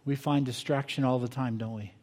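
An older man preaching a sermon as pastor, earnest and reflective, moving between quiet pauses and emphatic bursts. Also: mid-range voice, steady tone. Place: church sanctuary. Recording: long hall reverb.

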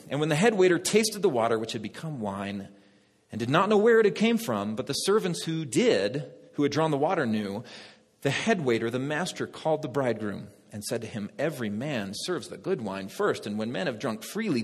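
A male pastor preaching a sermon, lively, talking directly to the congregation. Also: mid-range voice, breathy edge. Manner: lively, talks to the congregation, laughs at own jokes. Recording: long reverb of a hall.

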